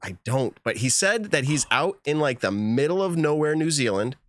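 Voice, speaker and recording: A man's voice: a little high, expressive, moderate pace, dry recording, clean studio sound. A young man co-hosting a podcast, telling a story in a rambling way and laughing often. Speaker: podcast co-host. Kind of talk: casual chat.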